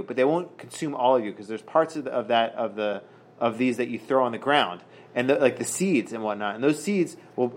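Working through a Talmud page in a casual lesson, a mid-range-voiced man reads the Hebrew and Aramaic aloud, then translates. His speech is halting, with plenty of fillers and restarts.

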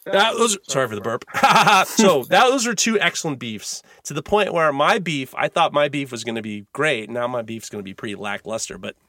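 A man's voice: mid-range voice, animated, fairly quick, hardly any pauses, a bit bright, no echo, clean studio sound. A man hosting a podcast, rambling with many restarts while giving blunt opinions. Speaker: podcast host, knife maker. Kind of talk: casual podcast chat.

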